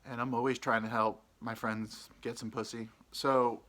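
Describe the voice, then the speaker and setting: A man's voice: mid-range voice, little pitch movement, moderate pace, pushed and bright. A young man hosting a podcast, telling a crude, self-mocking story in a rambling way, with lots of ums and uhs. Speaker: podcast host. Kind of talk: casual storytelling.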